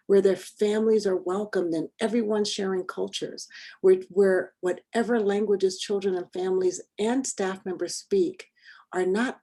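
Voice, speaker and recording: A woman who is an early childhood education expert, explaining in a measured way on a radio panel. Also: lowish voice, dark tone, husky.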